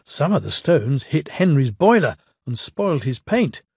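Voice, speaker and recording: Slow, lilting man reading a storybook. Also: fairly high pitch, very animated, a little mellow, slightly rough, dry recording, studio quality. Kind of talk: storybook narration.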